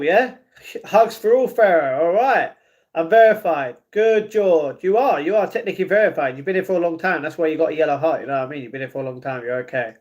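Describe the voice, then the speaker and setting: A man chatting casually on a live stream, reading chat messages, laughing often and trailing off quietly. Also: high-pitched.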